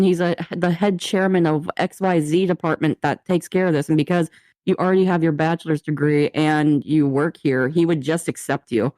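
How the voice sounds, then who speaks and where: A woman's voice: low voice, steady tone, normal speed, darkish tone, dry recording. A woman in her twenties from Canada, co-hosting a casual podcast chat, telling stories with lots of laughter and acted-out quoted exchanges. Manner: giggly storyteller, acts out quoted exchanges. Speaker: podcast co-host.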